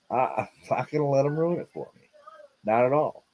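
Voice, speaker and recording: A man's voice: medium pitch, brisk, muffled recording. Rambling laid-back man hosting a livestream. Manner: rambling, repeats himself, lots of fillers. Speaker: livestream host. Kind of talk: casual livestream chat.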